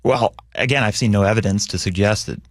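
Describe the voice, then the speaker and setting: A man appearing as a police union president on a radio show, explaining his points in a measured way and often checking in with "right?". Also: lowish voice, no echo, studio quality. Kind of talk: radio interview.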